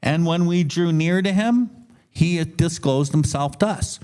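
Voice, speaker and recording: A man's voice: on the high side, unhurried, darkish tone, smooth. Emphatic man in casual talk. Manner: emphatic, reads a passage, swears casually. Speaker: podcast host. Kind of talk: casual recovery discussion.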